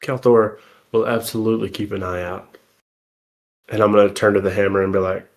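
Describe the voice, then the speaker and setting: A man playing his character in a tabletop game, terse and deadpan. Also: fairly low pitch, brisk, pauses often. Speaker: player. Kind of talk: casual tabletop role-play.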